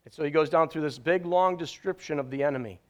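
A man pastor delivers a sermon with a high voice. He talks conversationally but hits key words hard and pauses for dramatic effect. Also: highs cut off.

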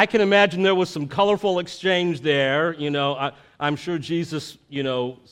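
A middle-aged man from Florida, giving a conversational sermon as pastor, halting with many fillers and restarts. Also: fairly high pitch, a bit bright, clean tone.

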